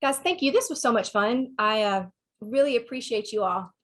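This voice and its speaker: A woman's voice: on the high side, expressive, normal speed, a bit bright. A woman with a Southern US accent, a sex therapist giving a talk and answering questions in a frank, conversational way.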